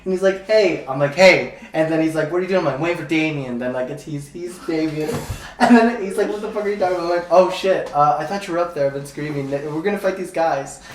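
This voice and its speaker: A man's voice: fairly high pitch, fast, slight background noise. Rowdy young man telling a wild story. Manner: rowdy, swearing, laughs while telling stories. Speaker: comedian podcast co-host. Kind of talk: casual storytelling. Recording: roomy sound, distant from mic.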